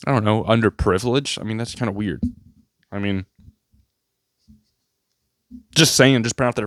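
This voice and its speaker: A man's voice: dry recording, clean studio sound. A man delivering a sarcastic, rambling comedic rant to his viewers. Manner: sarcastic, rambling, jumpy pitch. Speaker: vlogger.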